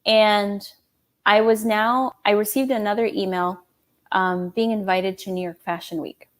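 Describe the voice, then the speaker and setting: A woman in her thirties telling her own story in an interview, animated, laughing often and acting out quoted dialogue. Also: medium pitch, unhurried. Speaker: guest, small business owner and designer.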